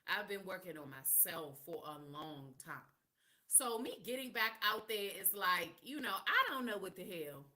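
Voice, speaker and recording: A woman's voice: mid-range voice, lively intonation, normal speed, pushed and bright. A woman hosting a live podcast, telling stories in a candid, sassy, slang-heavy way. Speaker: podcast host. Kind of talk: casual live podcast chat.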